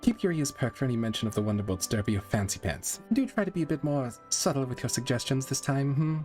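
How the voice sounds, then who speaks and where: A man's voice: mid-range voice, lively intonation, fast, a little mellow, soft background music, voice pushed up, lightly acted. A man voicing a refined female fashion-designer pony, affected and fond of saying darling. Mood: prim. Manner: uppity, affected, calls everyone darling.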